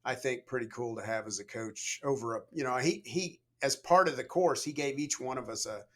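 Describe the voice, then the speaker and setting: Middle-aged man telling relaxed stories. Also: medium pitch, a little fast. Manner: storytelling, relaxed, frequent "you know" fillers. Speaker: guest, leadership coach. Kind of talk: conversational podcast interview.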